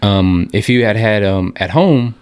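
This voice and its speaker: Lively young man telling a story. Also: lowish voice, measured pace, smooth. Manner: animated storyteller, acts out quoted voices. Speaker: podcast co-host. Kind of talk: casual chat, storytelling.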